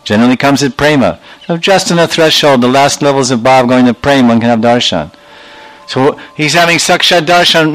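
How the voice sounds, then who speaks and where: A man's voice: mid-range voice, a bit bright, poor audio. A man giving a storytelling sermon who animatedly acts out the characters and laughs often. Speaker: spiritual teacher.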